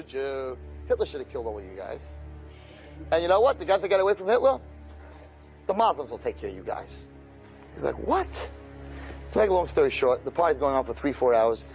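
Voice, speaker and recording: A man telling a story in an animated way, acting out the characters with big jumps in pitch and loudness. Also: poor audio. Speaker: speaker at a fundraising broadcast.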